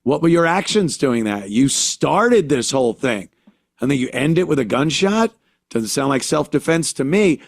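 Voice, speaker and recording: Older man, gravelly, profane, opinionated commentary, dry sound. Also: mid-range voice, sing-song, moderate pace, no room sound. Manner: blunt and profane, ranting. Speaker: podcast host.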